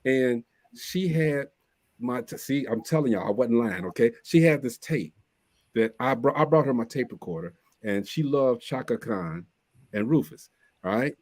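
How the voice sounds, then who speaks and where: A man's voice: mid-range voice, lively intonation, moderate pace, darkish tone, no room sound. A man hosting a casual panel chat, telling stories with repeats and laughter. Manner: storytelling, laughing, repeats himself. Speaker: host.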